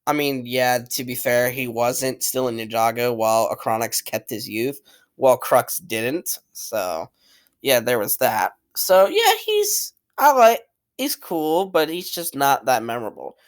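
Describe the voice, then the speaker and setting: A man's voice: medium pitch, big pitch swings, measured pace. A man giving casual, opinionated commentary as a channel host, blunt and rambling, swearing freely and repeating himself. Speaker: channel host ranking cartoon characters.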